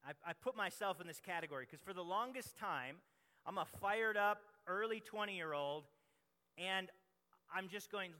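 Young male pastor, high bright voice, impassioned preaching with long hall reverb. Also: expressive, moderate pace. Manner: passionate preaching, swinging between loud emphasis and hushed asides. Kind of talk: sermon.

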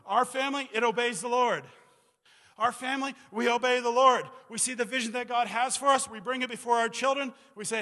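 A man's voice: extremely high pitch, fairly quick, pushed and bright. A man in his forties, a missionary preacher giving a sermon in a loose, rambling way, full of "you know" and "like.". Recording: reverberant hall.

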